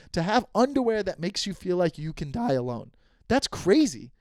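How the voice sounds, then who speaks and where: A man's voice: fairly high pitch, a little mellow, no echo, studio quality. A young man hosting a podcast, riffing through an improvised ad read in a rambling, profane, jokey way. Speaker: podcast host reading an ad. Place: non-studio room.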